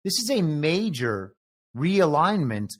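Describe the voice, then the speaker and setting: A man's voice: on the high side, sing-song, slow. A man hosting a podcast, giving political commentary in a musing, speculative way, stretching out key words for emphasis. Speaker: podcast host and moderator.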